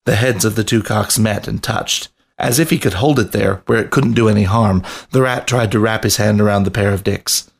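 A man reading a story aloud on a podcast, narrating in a steady, even voice. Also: fairly low pitch, moderate pace, creaky, few pauses, husky.

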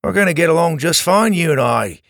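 A man's voice: fairly high pitch, expressive, fairly quick, creaky, fairly bright tone, dry recording, clean studio sound, pitched above the performer's own voice. A man voicing a friendly young male counselor with an Australian accent. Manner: breezy, friendly.

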